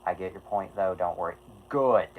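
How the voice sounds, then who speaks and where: A man's voice: low voice, normal speed, narrow, tinny audio, slight background noise. A man chatting casually on a livestream, rambling and apologetic, who swears and keeps restarting his sentences. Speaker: streamer.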